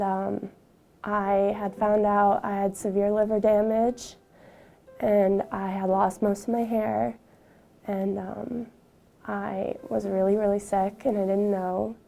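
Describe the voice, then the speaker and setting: A young woman, a university student, telling her personal story in an interview, halting, with frequent fillers and restarts. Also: medium pitch, gravelly, warm tone.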